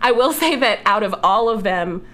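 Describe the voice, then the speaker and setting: A woman's voice: medium pitch, expressive, fairly bright tone. Southern woman hosting a podcast, chatty, lots of ums, laughs easily. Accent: Southern American. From American South. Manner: chatty, quick to laugh, many fillers. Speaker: podcast host. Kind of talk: casual chat.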